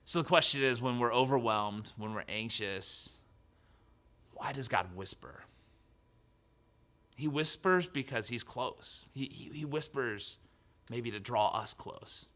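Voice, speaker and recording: Pastor guy preaching, bright clear voice, goes loud then real soft. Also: mid-range voice, unhurried, pauses often. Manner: animated preaching that drops to soft whispers. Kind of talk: sermon.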